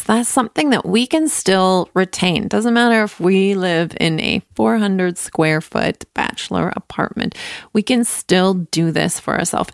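A woman in her thirties hosts her podcast solo from home. She chats in an upbeat way and acts out her own thoughts, with a gravelly fry under her voice. The recording is dry and close. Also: on the low side, dry recording. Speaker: podcast host. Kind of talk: casual solo podcast talk.

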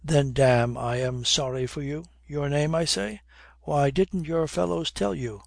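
A man's voice: fairly high pitch, fairly even intonation, unhurried, creaky, no room sound, clean studio sound. A man doing an impudent young rogue. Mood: mocking. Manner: impudent, flippant, period oaths. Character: brash young man mocking everyone.

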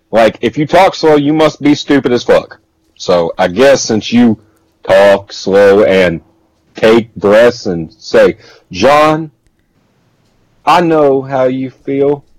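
A man in casual podcast chat, blunt and profane, throwing quick jabs. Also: medium pitch, poor audio.

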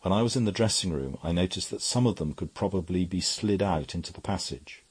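A man's voice: deep voice, a little fast, a little mellow, slightly rough. A man voicing a mild, plain-spoken little priest giving evidence in court. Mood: explaining. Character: mild little middle-aged male priest witness.

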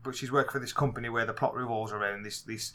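A man with a Black Country accent rants through a movie review in casual podcast chat. His voice sits at a middle pitch, and he swears freely and often jumps into loud, acted-out bits of the scenes he describes. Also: steady tone, quick pace. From England. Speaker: podcast co-host.

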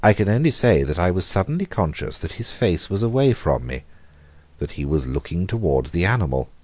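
A man narrating a horror story in a measured, grave reading, slowing down for dramatic moments. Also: low voice, sing-song, a little mellow, no room sound. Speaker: audiobook reader.

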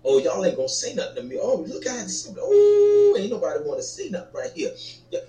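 A man preaching a rousing sermon, calling out to his listeners and breaking into sudden high cries. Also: wildly swooping pitch, fast, warm tone, dull audio. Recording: roomy echo, distant from the mic, faint music.

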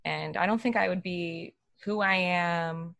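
A woman co-host talks reflectively in a casual podcast. Her voice is low and gravelly with vocal fry. The mic picks her up dry and close. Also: unhurried, a bit bright, no room sound.

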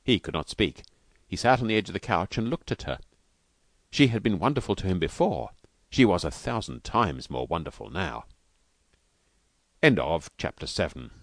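A man reading a novel aloud as an audiobook with expressive delivery. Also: deep voice, normal speed, no room sound. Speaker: audiobook reader. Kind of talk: audiobook narration.

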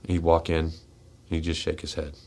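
A middle-aged man hosting a radio show, speaking in a raw, confessional monologue, tearful and shaky, swinging between forceful outbursts and hushed words. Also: extremely low pitch, little pitch movement, normal speed. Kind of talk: emotional personal monologue. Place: radio studio.

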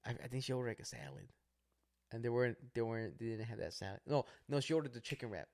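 Brief: male podcast co-host, gravelly and fried, animated storyteller who swears a lot. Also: medium pitch, fast talker. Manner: animated storyteller, acts out quoted voices, swears freely.

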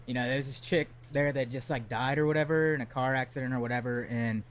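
A young man with a mid-range voice tells a story among friends. His delivery is relaxed and slangy, with plenty of filler. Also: mid-range voice, fast talker, a little hiss or hum. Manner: laid-back, slangy storytelling. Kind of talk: casual chat.

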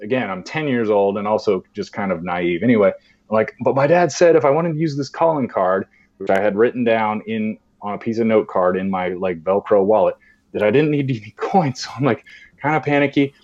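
A man's voice: on the low side, a little fast. A man, a podcast guest, telling a personal story in conversation and acting out the voices he quotes. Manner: animated, acts out voices in quotes. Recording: dull lo-fi sound.

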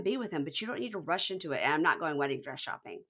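A woman's voice: low-pitched, fast talker, hardly any pauses, husky. A woman co-hosting a casual podcast, retelling a show's scenes and acting out the lines with laughs. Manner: retells scenes in lively voices, laughs often. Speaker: podcast co-host recapping a reality show. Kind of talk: casual chat.

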